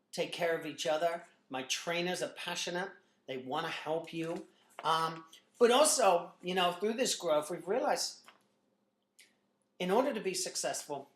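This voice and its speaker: A man in his thirties, a gym owner and trainer, giving a blunt, energetic motivational talk to a group full of "you know" fillers. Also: a little high. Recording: echoey room.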